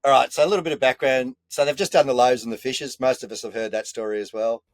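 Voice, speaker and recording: An Australian man, a podcast guest, telling a story in an animated, earthy way with a few mild swear words, speaking from inside a caravan. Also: mid-range voice, fast talker, no echo. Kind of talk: casual storytelling chat.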